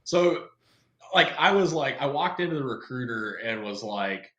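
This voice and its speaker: A man's voice: mid-range voice, a little slow. A man in his forties, a retired soldier, telling a story in a casual podcast chat and acting out the people he quotes. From United States. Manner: animated, acts out quoted voices, swears freely. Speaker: podcast guest. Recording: echoey room.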